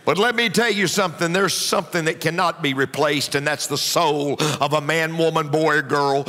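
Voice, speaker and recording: A man's voice: fairly high pitch, moderate pace, few pauses, pushed and bright. A man preaching a sermon as pastor, driving his points home with emphatic repetition. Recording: long hall reverb.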